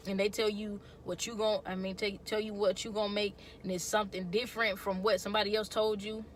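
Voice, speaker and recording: A woman's voice: mid-range voice, fairly bright tone, a little hiss or hum. A young woman truck driver chatting casually to her viewers in a loose, slangy way. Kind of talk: casual chat to camera.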